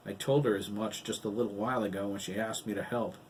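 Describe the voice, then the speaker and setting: A man reading the part of a blunt, gruff older ex-Marine in an audiobook. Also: fairly low pitch, steady tone, quick pace, slight background noise, natural voice, low-quality recording.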